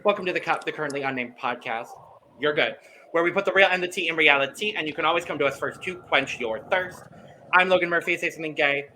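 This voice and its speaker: Campy upbeat guy hosting a podcast, bright voice, a little hiss behind. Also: a little high, fast, rough recording. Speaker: host. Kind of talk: casual podcast chat.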